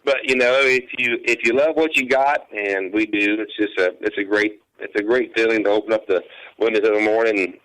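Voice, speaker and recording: A country musician who farms hay, talking as a guest on a radio show in an easygoing, rambling way with lots of restarts. His voice sits a little low. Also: steady tone, fairly quick, a bit bright, rough recording. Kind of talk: casual radio interview.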